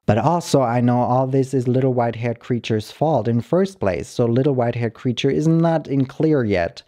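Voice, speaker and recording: Mellow-voiced man reading a story aloud. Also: mid-range voice. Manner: calm, measured reading of a dog's broken-English narration. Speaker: story reader.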